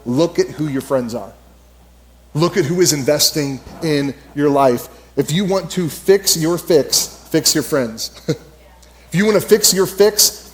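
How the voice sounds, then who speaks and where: A man in his thirties, a pastor preaching a sermon in a conversational, animated way with quoted asides. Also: fairly high pitch.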